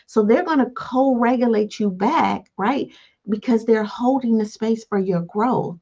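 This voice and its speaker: A woman coaching listeners on healing, often pausing with "all right" between points. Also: medium pitch. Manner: repeats "all right" between points, acts out calm replies. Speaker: life coach. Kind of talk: motivational teaching talk. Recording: dull lo-fi sound.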